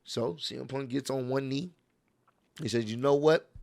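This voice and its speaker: A man's voice: medium pitch, moderate pace, vocal fry, a little mellow, dry recording, clean studio sound. A young man hosting a casual wrestling recap, retelling events and acting out the wrestlers' lines with swearing and energy.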